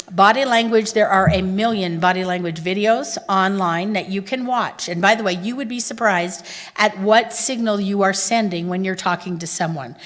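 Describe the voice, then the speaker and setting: A woman from Texas with a Texan accent speaks at a conference in a chatty, animated way. She tells stories and asks her audience questions. Her voice has an ordinary middle pitch and carries a long reverb from a large hall. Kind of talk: conference talk.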